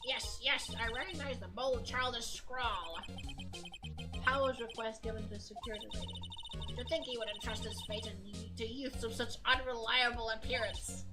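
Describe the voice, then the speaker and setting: A woman's voice: a little high, normal speed, over loud music, lightly acted. Woman reading as a bossy old security lady. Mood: scolding. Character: shrill bossy old female security guard.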